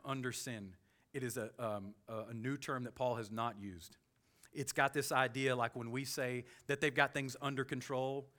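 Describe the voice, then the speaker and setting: A man's voice: medium pitch, sharp tone. A man preaching a verse-by-verse sermon in a conversational, emphatic way, raising his voice when he quotes scripture. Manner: conversational, emphatic, quoting scripture with rising intensity. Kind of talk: expository sermon.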